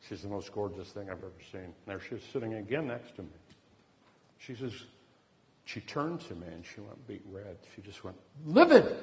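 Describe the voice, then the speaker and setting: A man telling a personal story in an earnest manner. He swings from loud bursts to hushed, near-whispered lines. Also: fairly low pitch, very animated, moderate pace, big-room sound. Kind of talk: personal anecdote.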